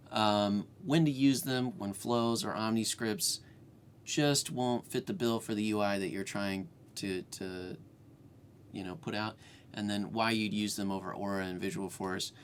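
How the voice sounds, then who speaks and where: At home, a man hosts a screen-share coding tutorial, talking casually with lots of fillers and restarts. His voice is on the low side, with slight background noise.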